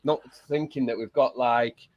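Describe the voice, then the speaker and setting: A man spins jokey anecdotes in casual chat, acting out the other people's voices. His pitch sits in the middle range. The recording is dry and close. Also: steady tone, moderate pace, no room sound, muffled recording. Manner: acts out quoted voices, laughs through stories. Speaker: podcast co-host. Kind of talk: casual chat with friends, storytelling.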